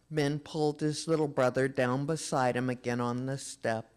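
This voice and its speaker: A reader at a memorial service, reading a children's story aloud in a slow, expressive way. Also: mid-range voice, clean tone.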